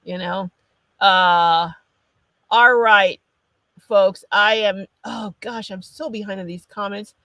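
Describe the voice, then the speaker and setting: A woman's voice: mid-range voice, fairly even intonation, takes it slowly, bright, forceful tone, no room sound. A woman hosting a casual livestream, reading out viewer comments in a chatty, apologetic way with a runny nose. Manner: chatty and apologetic, with frequent restarts. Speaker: livestream host.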